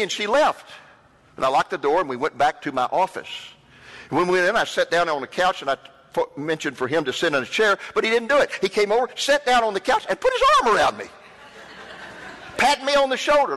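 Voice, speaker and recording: A man with a Texan accent, a TV ministry host, telling a personal testimony in a lively, dramatic way with acted-out dialogue. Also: high voice, big-room sound, low-quality recording.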